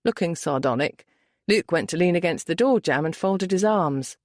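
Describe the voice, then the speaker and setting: Lively, low-pitched woman narrator. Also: normal speed, dry recording, studio quality. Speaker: audiobook narrator. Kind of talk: scripted romance narration.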